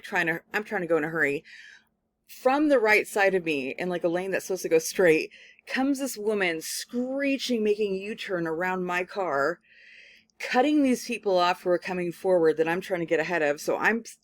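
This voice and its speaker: Woman lecturer, conversational and animated, loose filler-heavy delivery, dry recording. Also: fairly low pitch, moderate pace, no echo. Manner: casual, animated storytelling full of "like" fillers. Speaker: communication studies professor. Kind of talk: recorded lecture with personal anecdote.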